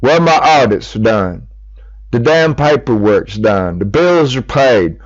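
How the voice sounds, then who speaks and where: A man's voice: medium pitch, expressive, takes it slowly, no room sound. A middle-aged American man, delivering a heated, profane monologue as a public appeal. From United States. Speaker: speaker making a public appeal. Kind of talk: angry monologue. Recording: dull lo-fi recording.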